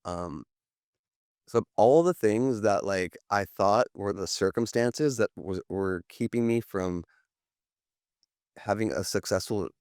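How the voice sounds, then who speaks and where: This man's lowish, slightly mellow voice moves at a slow pace with frequent pauses, in a clean studio recording without echo. In his thirties and a podcast guest, he relates his story candidly and ramblingly, with lots of fillers and restarts.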